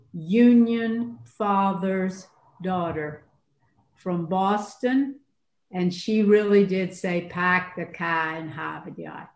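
An older woman from Atlanta, a priest and former university chaplain, telling stories in a reflective, conversational way. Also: mid-range voice. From Atlanta, USA. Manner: storytelling, animated with laughs. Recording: roomy echo.

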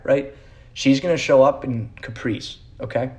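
A man's voice: medium pitch, brisk, a little mellow. Profane, rambling young male podcaster. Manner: profane, sarcastic, rambling with frequent "right?". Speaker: podcast host. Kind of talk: casual rant.

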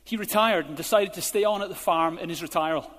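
A man preaching a sermon as a pastor, speaking emphatically and building to forceful urging. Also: high-pitched, fast talker. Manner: emphatic, rising to forceful exhortation. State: out of breath. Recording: hall reverb.

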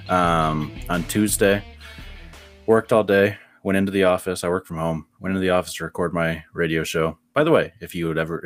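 A man's voice: low voice, no room sound. A man co-hosting a podcast in casual chat, rambling with lots of fillers, his voice worn and tired. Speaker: podcast co-host.

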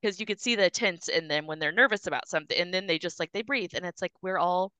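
A woman host talks on a faith podcast, warmly affirming and chatty with her guest. Her voice sits on the low side yet sounds bright and clear. The recording is dry and close. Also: fast, no room sound, poor audio. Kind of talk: casual faith talk.

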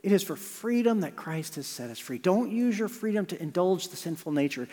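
A middle-aged male pastor preaching a sermon, shifting from loud emphasis to hushed near-whispers. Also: high-pitched, animated, a little fast. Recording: long hall reverb.

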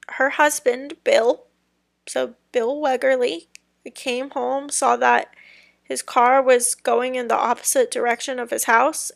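A young woman recounts a true-crime case on her podcast, slow and halting, with lots of ums and half-finished thoughts. Her voice sits a little high and often drops into a gravelly fry. The recording is close and dry. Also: a bit bright, no room sound. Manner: rambling, hesitant, many ums and trailing sentences. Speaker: podcast host.

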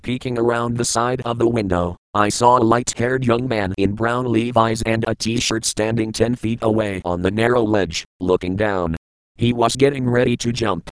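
A man narrating an audiobook in the first person, calm, measured and earnest. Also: mid-range voice, clean tone, no room sound, poor audio.

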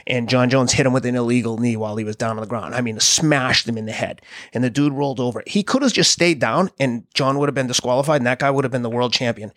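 Animated rambling man telling a story. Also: mid-range voice, fast, no room sound, clean studio sound. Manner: rambling, animated, many fillers and restarts. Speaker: podcast host, endurance athlete. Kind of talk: casual storytelling conversation.

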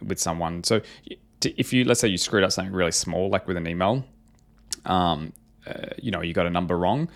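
A man, a company CEO, talks through a lesson from a small failure and reads out his own memo, in a loose, conversational way full of fillers and restarts. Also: sits low. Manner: conversational, many fillers and restarts, self-questioning. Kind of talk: reflective podcast talk, reading his own memo.

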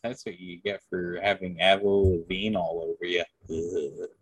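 Male podcast co-host, husky and low, wry and sarcastic. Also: little pitch movement, normal speed, no echo. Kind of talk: casual chat.

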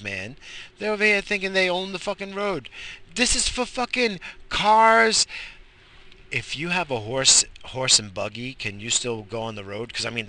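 A man ranting profanely while driving his car, shouting in bursts at cyclists and other drivers. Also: medium pitch, creaky. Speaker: vlogger.

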